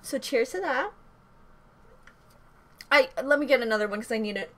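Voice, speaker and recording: A young woman chatting excitedly at home as a reaction vlogger, flustered and rambling, often restarting her sentences. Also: a little high, moderate pace. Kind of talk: excited casual vlog chat. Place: home room.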